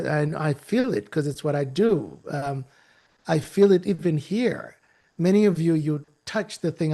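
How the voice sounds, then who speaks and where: A man from Uganda giving a lively, preacher-like motivational talk, often repeating his phrases. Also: on the high side, vocal fry. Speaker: speaker at a youth talk.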